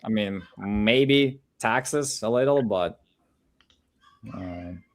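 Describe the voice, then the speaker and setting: A man's voice: fairly low pitch, drawn-out words. A man hosting a casual live stream, rambling and repeating words as he thinks aloud. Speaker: livestream host.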